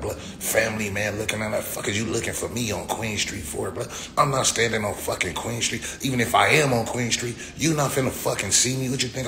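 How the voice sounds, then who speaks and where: Heated, profane man in his forties on a livestream. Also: on the low side. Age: 40s. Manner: profane, heated, talks back to chat comments. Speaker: livestream host. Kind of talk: casual livestream rant. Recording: echoey room with faint ambient noise.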